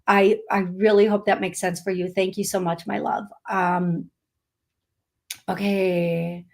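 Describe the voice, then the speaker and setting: A woman hosting a live psychic reading stream, talking slowly and affectionately to viewers, with many fillers while she reads comments. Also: medium pitch, little pitch movement, darkish tone. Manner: slow, soothing, affectionate. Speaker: psychic medium host.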